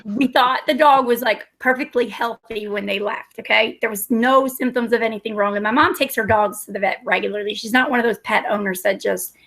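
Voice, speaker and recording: A woman in her thirties with a drawl tells stories casually, rambling and swearing freely as she laughs at herself. Her voice sits a little high and carries a gravelly fry. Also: steady tone, a little fast, hardly any pauses, fairly bright tone. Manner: rambling, profane, self-mocking. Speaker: storyteller. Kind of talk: casual storytelling.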